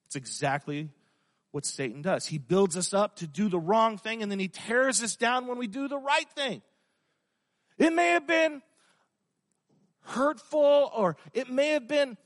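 A man's voice: sits high, animated, unhurried, long pauses, a bit bright. A male pastor preaching a sermon, emphatic and full of rhetorical questions to his congregation. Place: church. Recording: long hall reverb.

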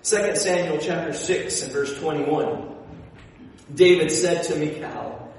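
A male pastor preaching a sermon, telling stories with animated energy and dropping into quiet emphasis. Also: a little high, a little slow. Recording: echoey hall from far off.

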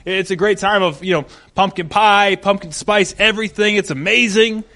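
A young male pastor preaching with enthusiasm, telling stories to make his point. His voice sits high for a man, and he talks in a friendly, upbeat way. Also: moderate pace, pushed and bright. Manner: enthusiastic, storytelling. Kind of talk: sermon.

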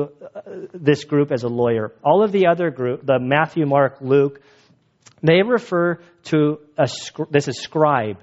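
A man's voice: a little high, darkish tone. A male pastor preaching a sermon in a casual, joking, conversational way. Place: church. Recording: dull lo-fi sound.

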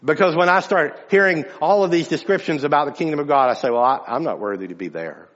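A fairly high-voiced male pastor preaches to his congregation, conversational but emphatic, often doubling back on his words. His voice rings out in a big church hall with a long reverb tail, and the recording sounds a little dull and muffled. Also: expressive, fast talker, a bit bright. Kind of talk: sermon. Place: church sanctuary.

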